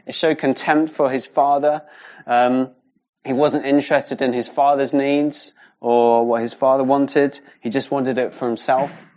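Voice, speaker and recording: A man's voice: medium pitch, flat delivery, a little slow, darkish tone. A man gives an informal Bible teaching. He talks in a loose, rambling way and often checks in with "yeah?". The recording sounds a little dull and lo-fi. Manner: casual, rambling, with many fillers and tag questions. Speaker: Bible study leader.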